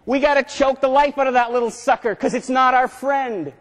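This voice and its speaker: High-voiced man giving a seminar in a reverberant hall. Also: fairly even intonation, fairly quick. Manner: playful, keeps quizzing the audience. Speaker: management consultant giving a seminar. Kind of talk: motivational seminar talk. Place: lecture hall with audience.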